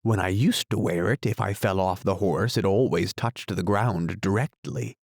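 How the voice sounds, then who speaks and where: Reading a storybook, a man voices a solemn, muddled knight who endlessly muses over strange inventions, speaking gravely and thoughtfully. His low, gravelly voice has a darkish tone and moves at normal speed, recorded close and dry.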